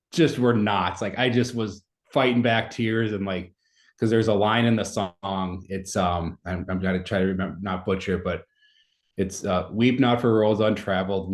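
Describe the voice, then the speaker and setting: A man in his thirties telling a story in casual conversation as a podcast guest, rambling with many fillers. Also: on the low side.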